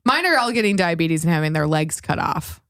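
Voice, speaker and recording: A woman comedian chats on a podcast, playful and assertive, her pitch bouncing lively as she riffs. The sound is dry and close to the mic. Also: dry recording. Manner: assertive, playful, quick with jokes. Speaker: comedian guest. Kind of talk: casual chat.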